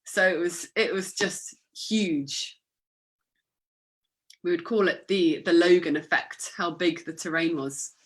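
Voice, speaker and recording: A woman's voice: on the low side, slow pace. A woman giving an illustrated talk with slides, chatty and upbeat, with fillers. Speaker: guest speaker.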